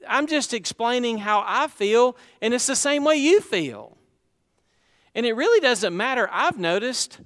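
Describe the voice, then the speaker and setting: A man's voice: very high voice, a bit bright, in a large hall. A middle-aged man preaching a sermon, talking conversationally and asking the congregation rhetorical questions. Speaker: pastor.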